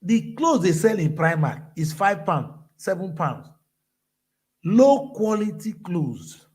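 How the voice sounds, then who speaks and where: A middle-aged Nigerian man with a Nigerian accent, giving a fiery motivational speech, scolding his listeners and swinging from low grumbles to shouts. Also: sing-song, takes it slowly. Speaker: event speaker.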